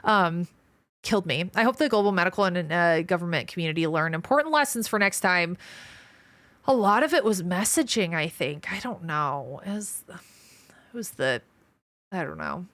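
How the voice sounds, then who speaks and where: A woman's voice: lowish voice, very animated, fairly bright tone, dry recording. A woman streaming live, chatting casually and reading viewer comments aloud, a surgical trainee with a frank, profane way of talking. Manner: frank, profane, quick to vent.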